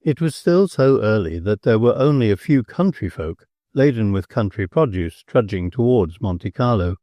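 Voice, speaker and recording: A man's voice: lowish voice, lively intonation, moderate pace, no room sound, highs cut off. A man reading a novel aloud as an audiobook narrator.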